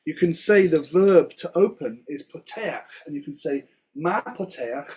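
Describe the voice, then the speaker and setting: Man, hebrew teacher, husky voice, slightly high, casual chatty explaining. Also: expressive, a little slow, darkish tone. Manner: chatty, laughs often, explains word by word. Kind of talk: casual Torah study chat.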